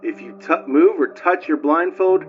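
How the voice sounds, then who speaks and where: A man voicing a male military radio operator, giving formal radio and loudspeaker orders. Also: a little high, a little slow, narrow, tinny audio, soft background music, close to an everyday voice. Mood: brisk.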